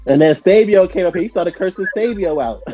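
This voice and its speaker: A man with a lively, swooping voice retells a heated moment in amused, casual banter. Light music sits faintly behind him. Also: high voice, moderate pace, dull audio. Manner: amused, retelling, laughing often. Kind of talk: casual live stream banter.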